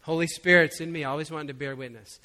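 A man preaching as a pastor, telling a personal story in a relaxed, conversational way with frequent chuckles. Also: a little high, fast. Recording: long hall reverb.

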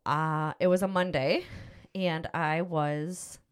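Woman, middle-aged, podcast host, casual storytelling, low-ish pitch, filler-heavy. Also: steady tone, takes it slowly, clear, resonant tone.

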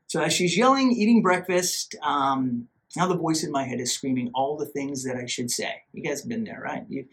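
A man hosting a podcast, telling a story casually in an animated, self-mocking way and acting out his own inner voice. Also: a little high, moderate pace. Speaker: podcast host.

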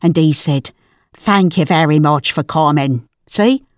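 A woman's voice: sits low, unhurried, no room sound, clean studio sound. A woman playing a nosy, celebrity-obsessed older mum, talking in a brassy, defensive way in a scripted comedy sketch. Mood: proud. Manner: brassy, defensive, casual slang. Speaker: comedy podcast character.

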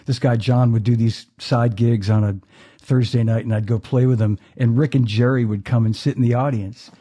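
Male podcast host, mellow husky tone, eager chatty manner. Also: mid-range voice, steady tone, normal speed. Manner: enthusiastic, chuckling, restarts phrases. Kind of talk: casual interview chat.

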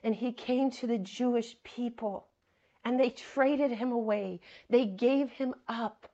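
A woman's voice: a little high, takes it slowly, dark tone, lo-fi sound. A woman preaching a sermon, reading scripture aloud and explaining it earnestly, repeating key phrases and addressing her listeners as friends.

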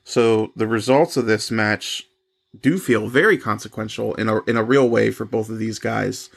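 A man's voice: on the low side, fairly even intonation, normal speed, creaky, breathy edge. A man hosting a casual wrestling podcast, upbeat and steering the talk between his co-hosts. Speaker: podcast host.

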